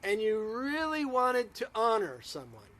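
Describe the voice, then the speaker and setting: A man's voice: very high voice, huge pitch swings, a little slow, a bit bright, full character voice. A man voicing an impulsive male king in a told story, speaking expressively. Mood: curious.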